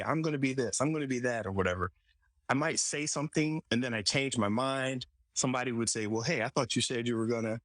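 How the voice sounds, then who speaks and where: A man hosting a podcast, telling a personal story in a relaxed conversational way, often restarting and quoting himself. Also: mid-range voice, no echo. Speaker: podcast host. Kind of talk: casual conversation.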